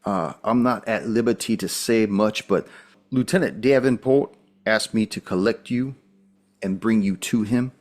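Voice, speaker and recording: Brief: man playing a polite Southern beat cop, drawling and a bit nervous, low-voiced. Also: a little slow, darkish tone, lightly acted. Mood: businesslike. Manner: hesitant, courteous, folksy. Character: male Southern city police officer, polite, uneasy.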